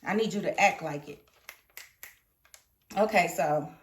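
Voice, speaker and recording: A woman reviewing a TV episode in casual commentary, animated and emphatic, scolding the characters. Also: on the low side, a little slow, echoey room. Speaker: TV show reviewer.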